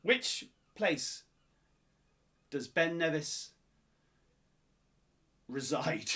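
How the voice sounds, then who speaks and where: A man's voice: on the high side, lively intonation, drawn-out words, pushed and bright. A man hosting a live-streamed pub quiz, reading each question several times and chatting to viewers in between. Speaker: quiz host.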